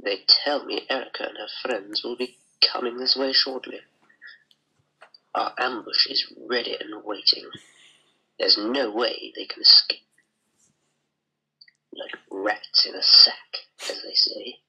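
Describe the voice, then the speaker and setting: A man voicing a greedy, scheming soldier villain in a video game, sneering and slipping into breathy whispered laughs. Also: mid-range voice, fairly even intonation, unhurried, pauses often, sharp tone, heavily acted, rough recording. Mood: gloating. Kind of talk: amateur voice acting over a video game.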